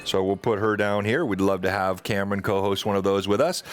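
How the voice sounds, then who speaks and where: A man's voice: on the low side, fairly even intonation, a little fast, slight background noise. Chatty man hosting a gaming stream. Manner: rambling, reads chat aloud, frequent fillers. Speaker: podcast host and dungeon master. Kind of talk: casual livestream chat.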